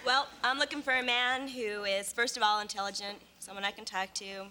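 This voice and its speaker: A woman's voice: medium pitch, fairly even intonation, a little fast, bright, forceful tone, slight background noise. A woman on a dating show, earnestly describing what she is looking for. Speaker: contestant. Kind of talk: casual chat.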